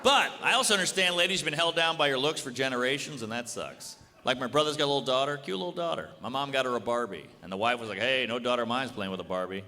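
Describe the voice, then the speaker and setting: A man's voice: mid-range voice, fast, few pauses. Brash man doing stand-up. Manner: brash, animated delivery with shouted punchlines. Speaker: stand-up comedian. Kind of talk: stand-up comedy set. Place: large hall with live audience. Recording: echoey hall, audience noise.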